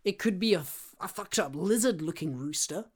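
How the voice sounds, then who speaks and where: A man co-hosting a casual podcast chat, excitable and rambling, full of fillers. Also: high-pitched, normal speed, husky. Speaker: podcast co-host.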